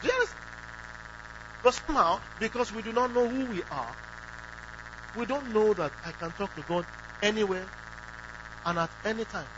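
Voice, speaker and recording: A man's voice: high voice, lively intonation, normal speed, pauses often. A man preaching a sermon who asks the congregation questions and acts out quoted prayers. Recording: dull lo-fi recording with faint hum.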